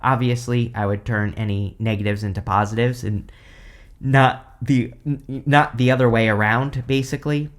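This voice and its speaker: A man's voice: mid-range voice, fairly even intonation, normal speed. Rambling man giving a tarot reading. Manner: rambling, many fillers and restarts. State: tired, stifling yawns. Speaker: tarot reader. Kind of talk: casual tarot reading to camera.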